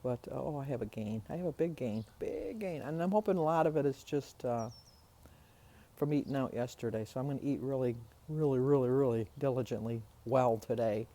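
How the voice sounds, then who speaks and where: A woman's voice: a bass voice, fairly quick, warm tone. An older woman, a grandmother, chatting casually in her daily vlog and telling stories with frequent laughs. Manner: chatty storytelling, laughs often. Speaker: vlogger.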